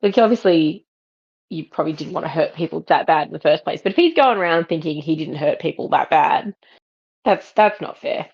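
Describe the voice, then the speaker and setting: Husky-voiced woman on a dull line. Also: low-pitched, animated, brisk. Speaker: podcast co-host. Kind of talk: casual book club chat. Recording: dull lo-fi sound.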